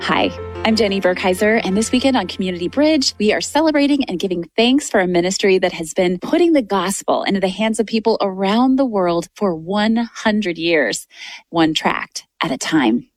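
Radio host, woman, mid pitch, dry studio sound, measured delivery. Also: animated, no echo, soft background music. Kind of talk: radio interview.

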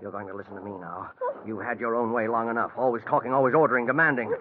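A man's voice: mid-range voice, steady tone, quick pace, natural voice. An actor playing a cold, scheming man who plans to murder his fiancee, in an old-time radio drama, with a sneering and impatient manner. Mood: menacing. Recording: lo-fi phone-like old radio recording with hiss.

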